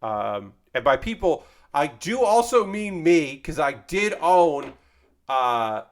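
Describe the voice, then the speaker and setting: A man's voice: fairly high pitch, very animated, takes it slowly. A man hosting a casual livestream, chatting while he builds a model kit, rambling along and swearing now and then. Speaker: livestream host.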